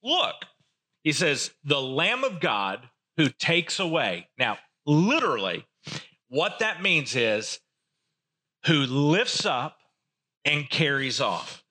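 Man, sermon teaching, slows down on key phrases, lively pitch, slightly high voice. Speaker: preacher.

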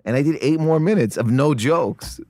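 A man's voice: fairly high pitch, normal speed, warm tone, dry recording. A man comedian from Canada, telling a rambling, laid-back story in a podcast studio. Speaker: comedian guest. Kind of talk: casual chat.

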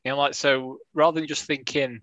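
A man's voice: mid-range voice, little pitch movement, a little fast, fairly bright tone. A man chatting football on a podcast in wry, blunt dialect. The sound is close and dry, with no room echo. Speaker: podcast co-host. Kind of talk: casual football chat.

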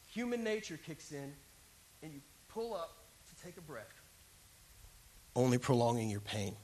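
Man, pastor, sermon, dramatic loud-soft swings, slows for emphasis, mid pitch. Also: slightly rough.

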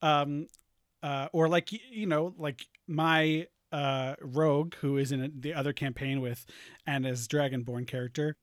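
A man chats casually as a podcast host, rambling with lots of fillers and restarts. His voice sits a little high. The sound is close and dry, with no room echo. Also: steady tone, a little slow. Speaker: podcast host, game master. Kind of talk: casual chat.

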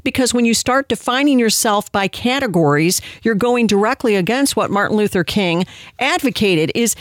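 A woman's voice: mid-range voice, expressive, normal speed, no echo, clean studio sound. A woman host giving opinion commentary in a sarcastic, incredulous, indignant way.

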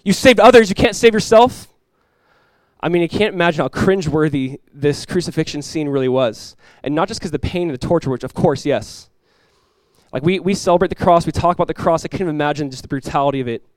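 A young pastor preaches a sermon, telling stories casually and with energy and throwing in many asides. His voice is fairly high and fast, and the recording is dry.

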